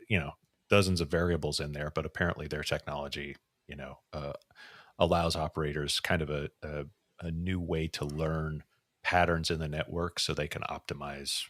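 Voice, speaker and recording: A man hosting a casual news podcast, his voice rough from recent illness, rambling with many restarts. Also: a bass voice, fairly bright tone, no echo, studio quality. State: voice deeper and rough after illness. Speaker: podcast host.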